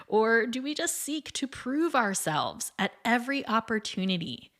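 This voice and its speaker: A woman's voice: a little high, very animated, a little slow, a bit bright. A woman hosting her own podcast in a scripted monologue, chatty and upbeat, with frequent light laughs. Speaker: podcast host and piano teacher.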